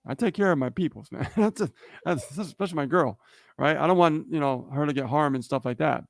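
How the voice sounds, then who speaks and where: A man's voice: fairly high pitch, a little fast, gravelly, no room sound, studio quality. A man co-hosting a livestream, telling a story in a casual motivational way and often checking in with "okay?" and "right?". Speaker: livestream co-host.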